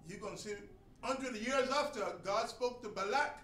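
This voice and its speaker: A man teaching a sermon to a congregation, emphatic and swinging between loud and soft delivery. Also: very high-pitched, moderate pace. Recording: echoey room, distant mic, faint noise.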